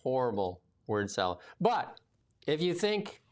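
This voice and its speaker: A man hosts a casual political talk show in a mid-pitched voice. He rambles loosely, padding his sentences with fillers and restarts. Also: big pitch swings, unhurried. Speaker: podcast host.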